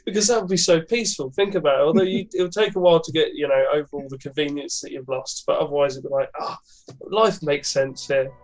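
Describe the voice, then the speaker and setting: A man's voice: a little high, racing, few pauses. Chatty, upbeat young man guest. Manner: enthusiastic, chatty, laughs often. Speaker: podcast guest. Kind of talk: casual conversation.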